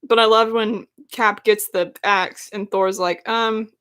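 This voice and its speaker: A woman's voice: mid-range voice, fairly even intonation, a little slow, a bit bright. A young woman in her twenties rants casually to her stream chat, sarcastic and full of likes and ums.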